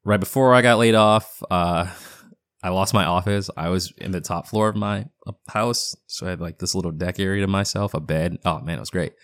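A man in his thirties talks through a solo podcast update in a relaxed, rambling way, full of fillers and restarts. His voice sits very low, with a faint Boston accent. The sound is dry and close, with no room around it. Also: moderate pace, dry recording. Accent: partial Boston. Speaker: podcast host. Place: home basement.

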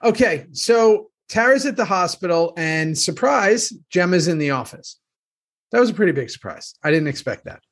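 A man hosting a casual rewatch podcast over a remote call, talking in animated, profane rants. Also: sits high, normal speed. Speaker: podcast host.

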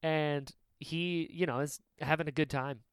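Animated male podcast co-host, excitable ranter, smooth and dry. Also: a little high, unhurried, dry recording. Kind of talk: casual chat.

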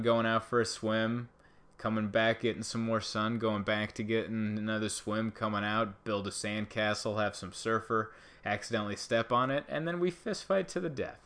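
A man's voice: lowish voice, fairly bright tone. A man who works as a stand-up comedian, talking to camera in a casual, sarcastic, rambling monologue.

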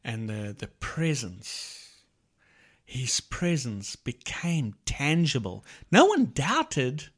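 A man co-hosting a casual faith talk, retelling Bible stories in an unhurried way with many restarts. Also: medium pitch, sing-song. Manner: slow, unhurried storytelling with restarts and laughs.

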